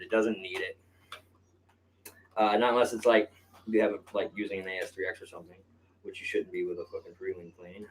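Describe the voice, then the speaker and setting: A man's voice: lowish voice, fairly bright tone, low-quality recording. A man hosting a hobby video, talking casually and bluntly with constant swearing while he works on a model plane. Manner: blunt, heavy swearing, addresses viewers as "you guys". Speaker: RC hobby channel host. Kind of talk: casual profane workshop talk to camera.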